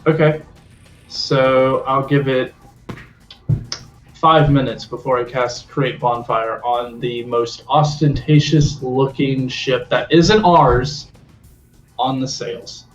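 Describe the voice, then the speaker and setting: A man plays his turn in a tabletop game, speaking slowly and weighing his options as he goes. His voice carries a roomy echo, and the audio sounds dull and lo-fi. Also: mid-range voice, soft background music. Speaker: player. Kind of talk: casual tabletop game play.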